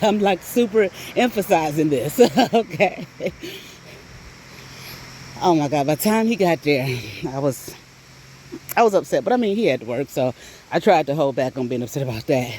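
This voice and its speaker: Laughing, animated woman telling stories. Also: low-pitched, normal speed, long pauses, slight background noise. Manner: animated, laughing often, swears freely. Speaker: vlogger. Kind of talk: casual storytelling chat. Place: outdoors on a walk.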